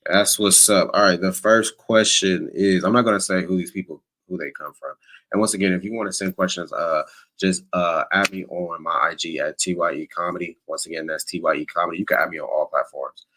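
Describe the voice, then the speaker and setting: A man with a very low, bright-edged voice hosts a comedy podcast. He talks loosely and casually, with plenty of fillers. His delivery is relaxed and easygoing. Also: fast. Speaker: podcast host.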